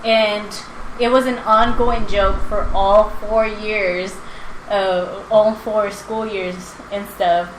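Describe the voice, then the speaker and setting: Young woman, 20s, rambling animated storytelling, full of likes, roomy echo. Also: medium pitch, slow. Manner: animated, filler-heavy, acts out quotes with laughter. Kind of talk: casual chat, storytelling. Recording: roomy with background noise.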